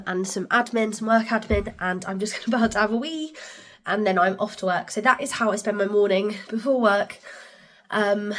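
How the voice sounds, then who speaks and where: A woman vlogger talking casually to the camera in a relaxed, chatty way with frequent ums. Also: mid-range voice.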